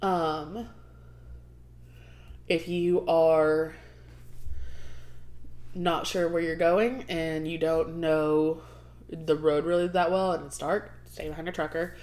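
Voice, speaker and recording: A woman's voice: sits low, fairly even intonation, slow pace, pauses often, a little mellow. A young woman hosting a casual livestream, chatting with viewers in a rambling way full of fillers. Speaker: livestream host.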